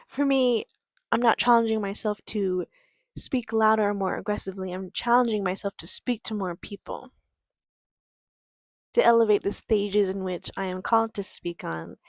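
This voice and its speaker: A woman life coach talks to the camera in a soft, calm, quiet voice. She takes her time and stays patient and peaceful. Her voice sits in the middle range and sounds dry and close. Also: mid-range voice, gravelly, no room sound. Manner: unhurried, patient delivery. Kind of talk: reflective motivational talk to camera. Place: outdoors near a creek.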